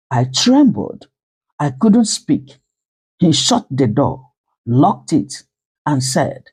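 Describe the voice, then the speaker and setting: A woman narrating a dramatic first-person story with slow, emotional delivery. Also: low-pitched, big pitch swings, darkish tone, husky.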